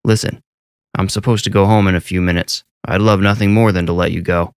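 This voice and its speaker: A man's voice: low-pitched, steady tone, brisk, no room sound, clean studio sound. Man doing a wry, easygoing night-shift cop. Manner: easygoing, friendly, firm. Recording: narration over clear background music.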